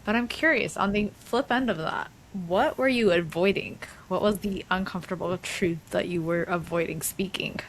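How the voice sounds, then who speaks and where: Lowish-voiced woman podcast host asking questions. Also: moderate pace, few pauses, a little hiss or hum, poor audio. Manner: thoughtful, curious questioning. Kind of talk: interview questions.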